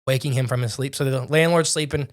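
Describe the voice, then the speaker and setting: A man's voice: mid-range voice, steady tone, quick pace. A young man co-hosting a podcast, casually narrating a spooky tale with frequent restarts and self-corrections. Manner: rambling, self-correcting storyteller. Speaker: podcast co-host narrating a story. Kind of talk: casual storytelling chat.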